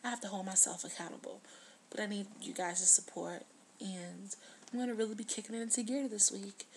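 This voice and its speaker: A woman in her twenties speaks heartfelt words into her video diary. Her voice carries a steady gravelly fry and sits at an ordinary pitch. Now and then it sinks to a near-hush. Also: brisk, a little hiss or hum. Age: 20s. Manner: earnest, heartfelt, drops to a hush at times. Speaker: vlogger.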